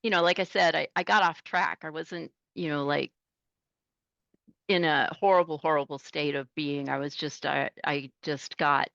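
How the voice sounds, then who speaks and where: Animated woman trucker telling stories. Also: sits low, normal speed, vocal fry, no room sound, dull audio. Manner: animated, laughing, acts out voices. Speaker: guest, truck driver. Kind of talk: casual interview storytelling.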